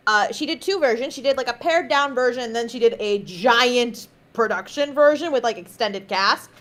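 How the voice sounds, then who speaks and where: A woman co-hosting a casual livestream, chatting warmly and laughing often between sentences. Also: on the high side, normal speed. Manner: reassuring, fond teasing. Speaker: stream co-host.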